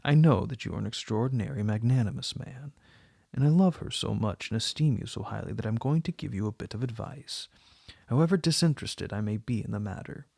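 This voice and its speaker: A sarcastic, fashionable society princess, as a male audiobook reader puts her on, speaking with affected, mocking politeness. The voice has a gravelly edge and a husky grain, heard close and dry. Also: mid-range voice, fairly quick, darkish tone, no echo.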